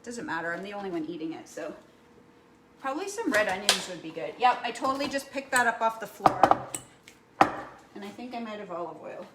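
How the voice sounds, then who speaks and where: A woman's voice: mid-range voice, lively intonation, fairly quick, very noisy. Chatty woman cooking in an echoey kitchen. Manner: chatty, rambling, frequent "right?" and "like". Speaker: cooking vlogger. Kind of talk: casual chat while cooking. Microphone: camera mic.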